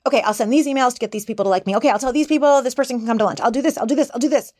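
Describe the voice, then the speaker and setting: A woman puts on a frantic, people-pleasing inner voice that races through its words and repeats itself over and over. The voice sits a touch higher than a plain speaking voice and comes across dry and close. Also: a little mellow, no echo, natural voice. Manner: frantic, rushed, repetitive.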